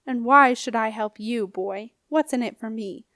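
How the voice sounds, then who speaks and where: A woman's voice: a little high, a little slow, a bit bright, no echo, clean studio sound. A woman reading an audiobook, voicing a scornful, menacing old male ghost with a snappish, growling manner. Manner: sneering, bullying.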